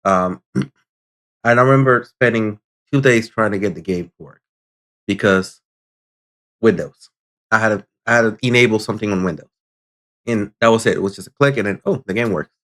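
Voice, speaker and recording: An older man tells a long, meandering gaming story in a relaxed vlog. His voice sits a little low, and he stops often to clear his throat and restart a thought. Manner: rambling, halting, frequent throat clearing. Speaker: gaming channel host.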